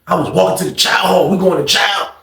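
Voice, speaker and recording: A man telling a story in a casual, slangy, animated way, acting out the quotes. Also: sits high, fast, creaky. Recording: echoey room.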